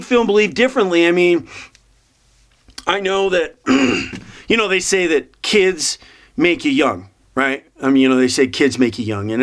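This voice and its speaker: A man's voice: fairly high pitch, a bit bright. A man in his fifties talking in a rambling monologue, meandering through thoughts with frequent restarts and fillers. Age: 50s. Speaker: motivational vlogger.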